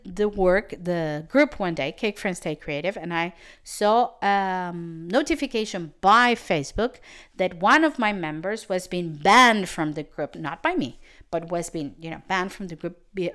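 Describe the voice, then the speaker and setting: A business coach hosts her podcast in a lowish, clean voice with a fairly bright tone. She gives advice casually through stories, chatting along with restarts and fillers.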